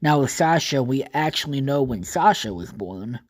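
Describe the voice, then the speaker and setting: A man hosting his own podcast alone, rambling casually from topic to topic, thinking out loud and swearing often. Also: medium pitch, expressive, normal speed. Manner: rambling, casually profane, thinks aloud with fillers. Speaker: podcast host. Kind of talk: casual solo podcast monologue.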